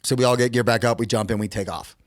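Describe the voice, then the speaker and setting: Quick-paced and recorded dry in clean studio sound, a middle-aged podcast guest from the United States tells a casual story. He plays out the quotes with animated, sudden leaps in his voice.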